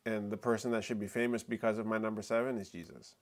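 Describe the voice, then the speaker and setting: A man's voice: on the low side, fast talker. A rambling, chatty male stream host. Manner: chatty, rambling, with many fillers and restarts. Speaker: co-host of a live talk stream. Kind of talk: casual chat.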